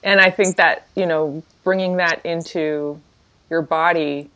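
A woman's voice: sits low, steady tone, unhurried, bright, forceful tone. A woman hosting an interview, speaking reflectively and laughing often in a casual chat. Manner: reflective, laughs often, many you-knows. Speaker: host and interviewer.

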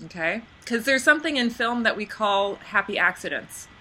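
Webinar coach, woman, bright tone, faint hiss behind, chatty and animated. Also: normal speed. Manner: chatty, lots of "like", acts out little scenes in a high voice. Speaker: on-camera coach. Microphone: computer microphone on a webinar.

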